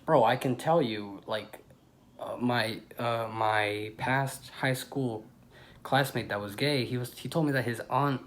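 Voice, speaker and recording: A man's voice: medium pitch, a little slow. Young man rambling through a story. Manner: rambling, animated, bursts into loud exclamations. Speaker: vlogger. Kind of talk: casual storytelling to camera.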